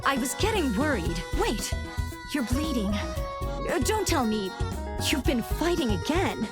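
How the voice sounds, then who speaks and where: A woman voicing a worried, caring young game character who scolds someone, heard over game audio with loud music behind. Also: high-pitched, sing-song, unhurried. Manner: anxious, scolding.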